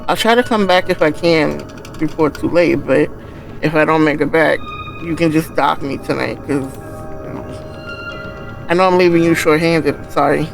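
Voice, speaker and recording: A man playing a tabletop game with a gravelly, fairly high voice. He rambles casually, and music plays clearly behind him. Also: moderate pace, rough recording. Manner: rambling, casual, filler-heavy. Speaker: player.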